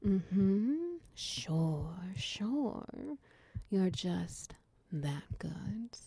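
A woman in a whispered role-play, voicing a large, doting, protective lover who coos, teases softly and slips into whispers. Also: mid-range voice, gravelly, no echo, heavily acted. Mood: cozy. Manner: slow, soft, cooing and teasing, drifting into whispers. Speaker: voice actor in audio role-play.

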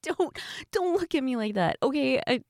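A woman's voice: high-pitched, animated, moderate pace, dry recording, clean studio sound. Giggly woman chatting to a friend. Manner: giggly, keeps laughing and restarting. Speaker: storyteller talking to a friend. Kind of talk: one-sided role-play chat.

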